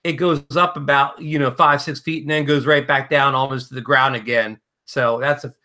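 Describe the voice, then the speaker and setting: Hesitant co-host man, bright voice. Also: mid-range voice, steady tone, normal speed. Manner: hesitant, stammering restarts. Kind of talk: casual live show chat.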